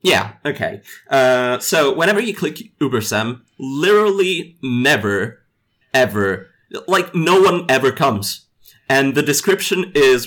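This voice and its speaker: A man who develops games talks things through in a relaxed interview. He hesitates often and restarts his sentences. His voice sits at a middling pitch. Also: unhurried. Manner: hesitant, many fillers and restarts. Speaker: game developer. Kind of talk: casual chat.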